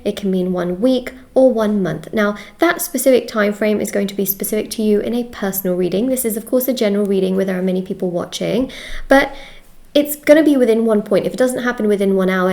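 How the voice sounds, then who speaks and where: A woman's voice: mid-range voice, a little mellow. Chatty woman giving a tarot reading. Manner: chatty, repeats phrases, checks in with "okay?". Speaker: tarot reader. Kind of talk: casual tarot reading to camera.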